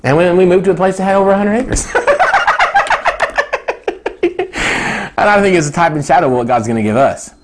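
A man in his thirties preaching a sermon, animated and laughing often, jumping to high excited tones. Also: rapid-fire, hardly any pauses, slight background noise.

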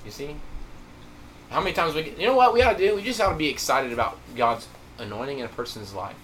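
Animated high-voiced male preacher. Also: fast talker, a little hiss or hum. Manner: animated storytelling, acts out quotes. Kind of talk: sermon.

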